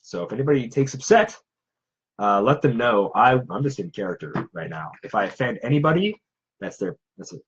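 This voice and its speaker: A husky male cosplayer rambles in a casual, self-deprecating way, his pitch swinging up and down a lot. The sound is dull and lo-fi. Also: lively intonation, brisk. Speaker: cosplayer and prop maker. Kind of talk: casual chat.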